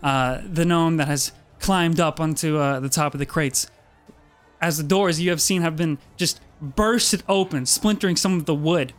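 A man narrating as game master of a tabletop game, describing scenes with many halting restarts. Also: fairly high pitch, faint music behind.

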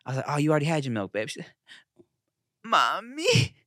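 A man's voice: on the high side, racing, no echo, studio quality. A man in his thirties co-hosting a podcast, telling family stories in a laid-back way full of slang and swearing. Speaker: podcast co-host. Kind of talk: casual podcast chat.

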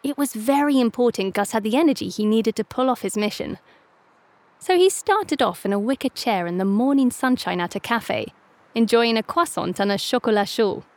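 A woman reading a kids' bedtime-style story with a bright, animated lilt, slightly high and very expressive. The sound is close and dry. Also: moderate pace, no echo. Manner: lively, playful reading. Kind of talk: children's story narration.

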